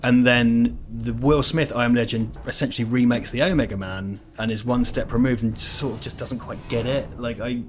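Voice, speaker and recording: A man's voice: medium pitch, steady tone, moderate pace, hardly any pauses. A man in his thirties chats loosely while playing a game, drifting from topic to topic. He swears freely and laughs often. A faint hiss sits behind his voice. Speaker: let's play host. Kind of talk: casual gameplay chat.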